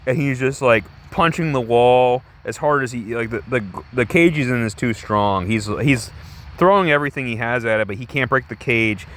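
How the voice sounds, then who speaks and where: A man's voice: medium pitch, moderate pace, fairly bright tone. Rambling, enthusiastic male comic reviewer. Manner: rambling and enthusiastic, full of "like" and restarts. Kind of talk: casual review vlog.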